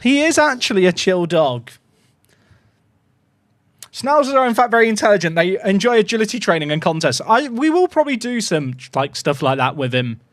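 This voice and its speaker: A man's voice: high-pitched, big pitch swings, quick pace, hardly any pauses, no room sound, clean studio sound. A man live-streaming and chatting casually, rambling and cutting himself off mid-word, cooing at his puppy between remarks. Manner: rambling, chatty, self-interrupting; coos affectionately at his puppy.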